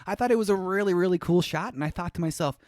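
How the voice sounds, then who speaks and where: A man's voice: high voice, quick pace, darkish tone, no echo, clean studio sound. A man co-hosting a podcast, recapping a movie in casual chat, rambling and hunting for words, laughing often. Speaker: podcast co-host.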